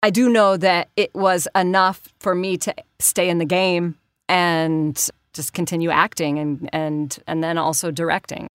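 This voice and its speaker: A woman's voice: on the low side, little pitch movement, a little slow. A woman voice actress, a guest in a casual interview, bubbly and laughing often as she talks about her work.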